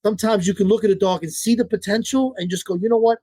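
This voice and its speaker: Guest: man, dog trainer. High-pitched, husky voice, dry close sound. Blunt, profane, repeats himself. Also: fast, warm tone, no room sound. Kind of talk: casual interview talk.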